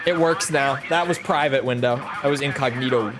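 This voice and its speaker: With game music and roaring jet engines behind him, a man streams a flight game and rambles to his viewers, cursing freely. He talks at a medium pitch and moderate pace, with few pauses.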